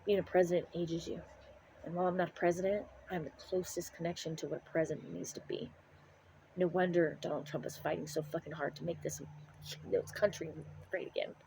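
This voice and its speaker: A woman's voice: fairly low pitch, fairly even intonation, brisk, gravelly, mellow, a little hiss or hum, rough recording. Angry, cursing woman ranting. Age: middle-aged. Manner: angry, profane, preachy. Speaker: vlogger. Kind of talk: ranting monologue to camera.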